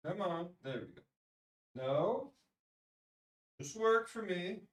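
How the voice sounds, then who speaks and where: A man's voice: high-pitched, animated, slow pace. A man streaming live, chatting casually and thinking aloud, with plenty of swearing.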